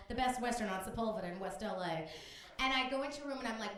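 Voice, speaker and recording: A woman's voice: mid-range voice, expressive, fast, fairly bright tone, a little hiss or hum. Brash woman comic in echoey club. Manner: brash, profane, storytelling. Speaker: stand-up comedian. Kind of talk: stand-up comedy set. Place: comedy club stage.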